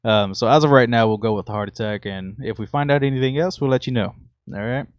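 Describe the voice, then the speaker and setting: A young man co-hosting a podcast in easygoing, casual chat. He tells stories loosely and laughs often. His voice sits at an ordinary pitch, recorded close and dry with no room sound. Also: fast talker, clear, resonant tone, no echo, dull audio. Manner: relaxed storytelling, laughs easily. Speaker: podcast co-host.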